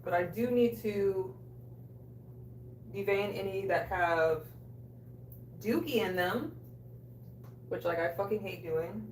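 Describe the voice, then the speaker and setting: A woman hosting a cooking livestream, chatting casually, loud, joking and swearing with her chat. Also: mid-range voice, slow, pauses often, slight background noise. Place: small bathroom. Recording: echoey room, a bit distant.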